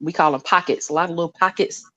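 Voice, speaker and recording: Lively low-voiced woman, dry sound. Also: quick pace, no echo, highs cut off. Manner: animated storyteller, acts out quotes, laughs often. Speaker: lab scientist guest. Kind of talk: casual conversation.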